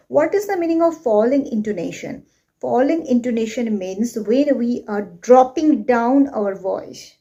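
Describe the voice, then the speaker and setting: A woman gives a spoken English lesson at an unhurried, deliberate pace. Her voice is a little high but warm and mellow, and she keeps checking that her listener understands. She swings her tone up and down broadly to demonstrate. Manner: slow, repetitive, checks understanding often; exaggerated rising and falling example tones. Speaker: English teacher.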